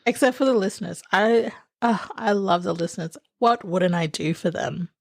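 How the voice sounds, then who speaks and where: A woman's voice: medium pitch, normal speed, vocal fry, no room sound, clean studio sound. An Australian woman co-hosting a podcast, chatting in a laid-back, cheeky way. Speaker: podcast co-host. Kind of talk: casual podcast banter.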